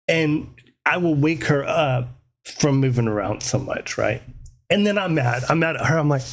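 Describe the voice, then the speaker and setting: A man's voice: a little high, moderate pace. A middle-aged man, a podcast host, casually telling a personal story and acting out the screams and voices in it. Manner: animated, acts out screams and voices in his story.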